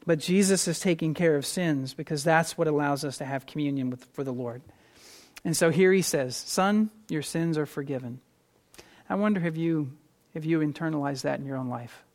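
Preacher mid-sermon; emphatic, shifts between punchy stresses and hushed asides, restarts phrases with repeated words. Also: mid-range voice, brisk. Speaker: pastor.

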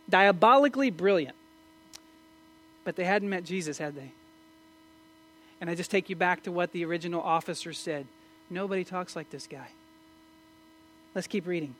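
A man preaching a sermon, swinging from loud emphatic questions to low, quiet asides. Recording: mains hum in the background.

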